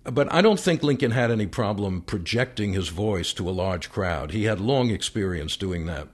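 A man with a fairly low voice answers questions as a historian guest in a radio interview. He explains in a measured, unhurried way and now and then lets out a light laugh. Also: animated, husky. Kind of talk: radio interview, then reading a speech aloud.

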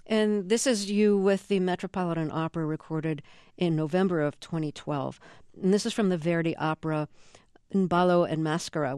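Smooth-voiced curious woman interview host. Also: sits low, dry recording, clean studio sound. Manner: curious, self-deprecating, laughs easily. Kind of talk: interview conversation.

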